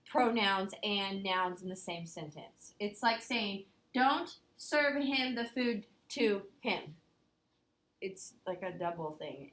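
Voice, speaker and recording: A woman's voice: mid-range voice, fairly bright tone. A woman teaching a Spanish grammar lesson in a classroom, quizzing her students and repeating their answers back. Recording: echoey classroom with faint noise.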